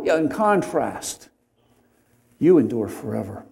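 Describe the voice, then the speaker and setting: Give me a mellow-voiced man preaching deliberately. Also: mid-range voice, lively intonation, vocal fry. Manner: deliberate, stressing key words with pauses. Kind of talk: expository sermon on a psalm.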